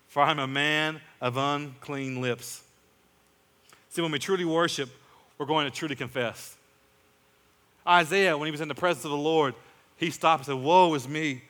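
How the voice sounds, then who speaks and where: A man preaching a sermon as pastor, emphatic, building up to loud exclamations. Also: fairly high pitch. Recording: long hall reverb.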